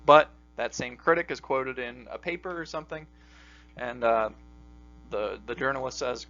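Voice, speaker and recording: A man's voice: medium pitch, sharp tone. A man teaching a logic class in a casual, filler-heavy lecture style. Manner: casual, many fillers and pauses. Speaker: logic instructor. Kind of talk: recorded lecture. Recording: dull lo-fi recording with faint mains hum.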